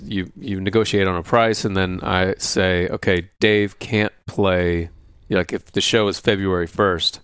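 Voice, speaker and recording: Low-voiced easygoing man. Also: a bit bright, clean tone, no room sound, clean studio sound. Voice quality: easygoing, explains things slowly and plainly. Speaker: podcast co-host. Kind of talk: casual chat.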